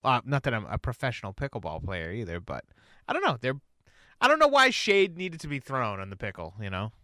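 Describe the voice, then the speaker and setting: A man's voice: medium pitch, sing-song, brisk, pushed and bright, dry recording. A man co-hosting a podcast in casual chat, rambling and hesitant, laughing easily. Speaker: podcast co-host.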